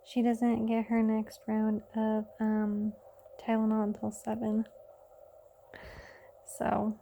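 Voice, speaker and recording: A woman's voice: a little high, completely flat delivery, takes it slowly, vocal fry, warm tone, a little hiss or hum. A young woman chatting tiredly and rambling through a late-night vlog as a mother. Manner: rambling, self-interrupting, chatty. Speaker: vlogger.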